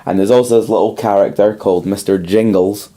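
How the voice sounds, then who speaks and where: A man's voice: fairly low pitch, steady tone, brisk, warm tone. A young man co-hosting a casual podcast, retelling a film plot at length with lots of ums. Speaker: podcast co-host.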